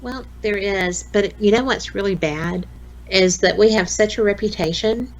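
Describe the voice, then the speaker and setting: A woman in her late fifties with a Southern US accent, a radio host chatting as a podcast guest, folksy and quick to laugh. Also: medium pitch, highs cut off. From American South. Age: 50s. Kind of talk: casual interview chat.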